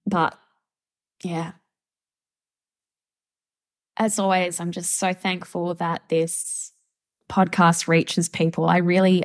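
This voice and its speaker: A young woman hosting a solo podcast, reflecting in a soft, halting, heartfelt way as a mother. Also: on the low side, level tone, no echo, clean studio sound. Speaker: podcast host.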